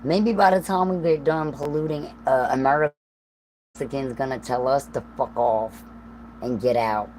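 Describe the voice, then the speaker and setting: A woman with a Southern US accent talks straight into her livestream, her voice sitting unusually low. She rambles from thought to thought with coarse language and laughing asides. A faint hum runs under the recording. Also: normal speed, darkish tone, low-quality recording. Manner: profane, stream-of-consciousness, laughing asides. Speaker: livestream host.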